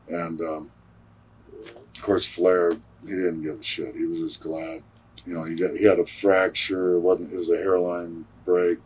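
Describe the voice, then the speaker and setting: A pro wrestler telling a blunt, profane story in a casual interview. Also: male voice, sits low, a little mellow, breathy edge.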